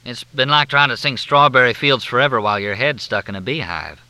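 A man reading aloud, voicing a calm, evasive middle-aged police captain. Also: medium pitch, brisk, dry recording, pitched above the performer's own voice.

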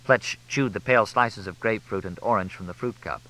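A man reading a comic mystery novel aloud in a crisp, expressive way. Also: on the low side, brisk, poor audio. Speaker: audiobook narrator. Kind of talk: audiobook narration of a comic mystery.

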